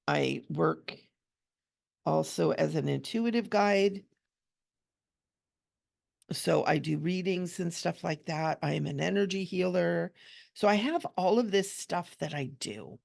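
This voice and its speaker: A woman with a deep, very gravelly voice talks her way through a coloring session. Her manner is gentle and chatty, and she coos softly over the little details of the picture. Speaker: coloring channel host and hypnotherapist. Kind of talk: relaxed chatty coloring tutorial.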